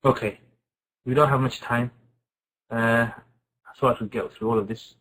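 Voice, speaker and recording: A man teaching an informal Quran class, asking his students questions and reciting Arabic verses quickly. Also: medium pitch, low-quality recording. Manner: lively, asks the class questions and answers them.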